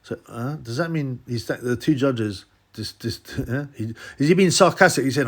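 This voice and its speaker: A man's voice: mid-range voice, moderate pace, few pauses, darkish tone. Rambling man commenting. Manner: rambling, restarts, mock voices for quotes. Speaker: boxing channel host. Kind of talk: casual solo commentary.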